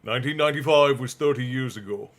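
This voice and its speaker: A man's voice: medium pitch, quick pace. A young man hosts a casual live-stream reading and drifts into chatty asides with his viewers. His talk is loose and joking, full of small laughs between lines of the story. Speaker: stream host and reader.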